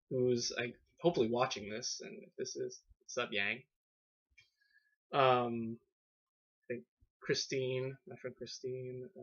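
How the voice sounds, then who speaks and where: A man rambles through a casual vlog book review, full of ums and sarcastic asides. His voice sits at an average pitch. The audio is muffled and lo-fi, like a cheap webcam mic. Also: fairly bright tone.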